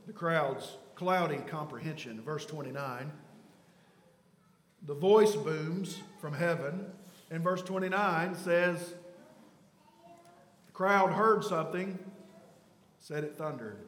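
A man preaching a sermon as pastor, emphatic, swinging between loud declarations and hushed lines. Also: fairly high pitch, a little hiss or hum. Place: church sanctuary. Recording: echoey church hall.

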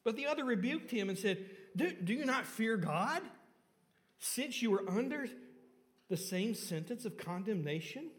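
A man preaching a sermon to his congregation and asking them questions, rising for emphasis and then dropping low and soft on key points. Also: animated, a little slow, in a large hall. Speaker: pastor. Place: church sanctuary.

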